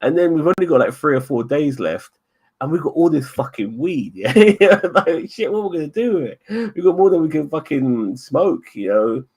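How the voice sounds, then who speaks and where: A man's voice: on the high side, expressive, normal speed, darkish tone, breathy edge. A man chatting casually as podcast co-host, rambling, swearing a lot and stumbling over repeated words. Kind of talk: casual chat.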